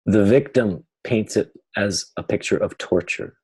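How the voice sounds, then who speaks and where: A man's voice: lowish voice, a little slow, a little mellow, slightly rough, low-quality recording. A man leading a live webinar, explaining ideas and acting out what clients say in quoted voices. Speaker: webinar teacher.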